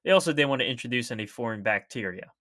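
Talking very fast, a young podcast co-host explains science facts in an easy, chatty way. His medium-pitched voice is expressive, bright, and forceful throughout this casual science chat.

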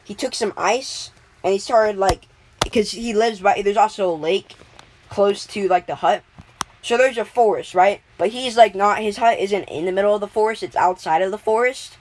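A woman's voice: medium pitch, moderate pace, darkish tone, poor audio. A woman casually making up a story as she goes, rambling with lots of fillers and restarts.

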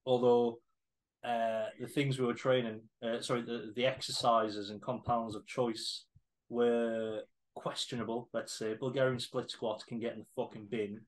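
A man co-hosting a podcast, talking in a relaxed way with fillers and some swearing. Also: medium pitch, normal speed, low-quality recording. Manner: laid-back, swearing, hesitant fillers. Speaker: podcast co-host. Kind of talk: casual podcast chat.

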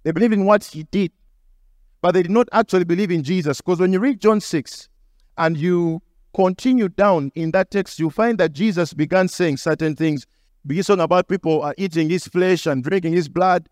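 High-voiced preacher man, dry close sound. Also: moderate pace, a little mellow, no room sound. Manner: storytelling preacher, acts out the people in his stories. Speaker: pastor. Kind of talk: sermon.

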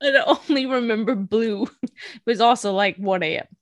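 A woman's voice: on the high side, normal speed, no echo. A woman co-hosting a casual podcast, recapping an episode with wry laughs into a home microphone. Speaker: podcast co-host. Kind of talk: casual chat.

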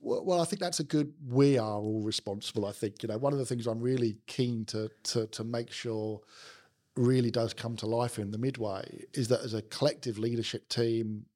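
A middle-aged man with a South London accent speaks as a guest in a relaxed interview. He talks chattily, with frequent fillers and false starts, and his pitch sits at an ordinary middle level. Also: moderate pace. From London, England. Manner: chatty, many fillers and restarts. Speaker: company managing director, interview guest. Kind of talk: casual conversational interview.

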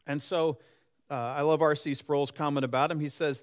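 A man's voice: a little high, moderate pace, clean tone. A pastor in his sixties gives a conversational sermon and often puts questions to the congregation. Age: 60s. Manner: lively and animated.

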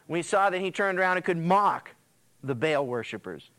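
Animated preacher with a smooth, fairly high voice. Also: male voice, normal speed. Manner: animated storytelling preacher, acts out quotes. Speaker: pastor. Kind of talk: sermon.

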